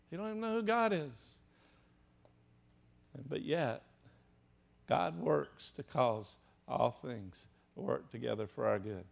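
A man preaching a sermon to a small group, swinging from hushed, low passages to loud, rising exclamations and addressing the room directly. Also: creaky.

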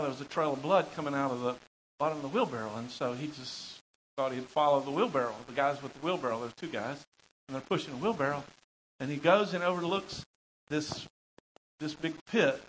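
A male pastor preaching a sermon, telling animated stories with rambling asides. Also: on the high side, a little hiss or hum, rough recording.

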